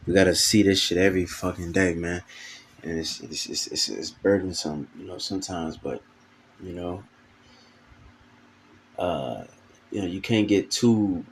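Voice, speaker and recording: In an informal video sermon, a man with a low-sitting voice mixes casual, profane remarks and plenty of fillers with passages of scripture read aloud. He's a preacher, and a slight hiss or hum runs under the recording.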